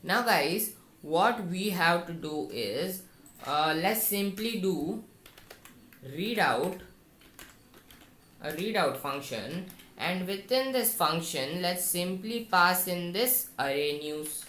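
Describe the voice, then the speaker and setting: A woman's voice: lowish voice, lively intonation, slow, fairly bright tone. A woman teaching a coding tutorial, thinking aloud and talking viewers through each step of the code. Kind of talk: screen-recorded coding tutorial. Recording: echoey room with faint noise and keyboard typing.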